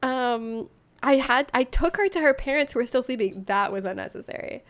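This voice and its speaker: A young woman streaming live and chatting casually as she reacts to posts and chat. She giggles often and slips into silly voices. Her voice sits a little high. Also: animated, normal speed.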